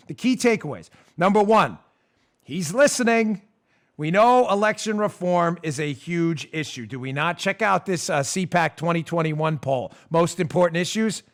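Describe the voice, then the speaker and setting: A man with a fairly high speaking voice hosts a political talk show. He is animated and emphatic, hammering home his points and breaking into laughter. He talks straight to his listeners and now and then turns to his producer. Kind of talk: opinionated monologue.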